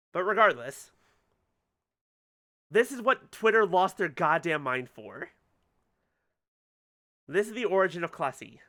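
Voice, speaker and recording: Chatty, bright-voiced game streamer. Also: mid-range voice. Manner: chatty, rambling, laughs often. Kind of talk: casual let's-play commentary.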